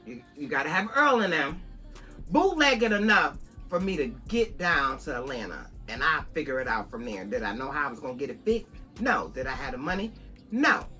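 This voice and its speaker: A woman from Buffalo tells a personal story straight to her viewers, her pitch swooping up and down as she gets into it. Her voice is on the low side for a woman but bright and forceful. Soft music plays faintly behind her. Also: brisk. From Buffalo, New York. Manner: animated, conversational, asides to listeners as "girl". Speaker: vlogger.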